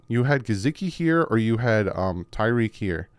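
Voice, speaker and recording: A man hosting a casual football film breakdown at a desk microphone, emphatic and repetitive, his voice jumping up when he gets excited. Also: lowish voice, moderate pace, hardly any pauses, smooth, no echo. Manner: emphatic, repeats points, voice jumps when excited. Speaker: football film-study host.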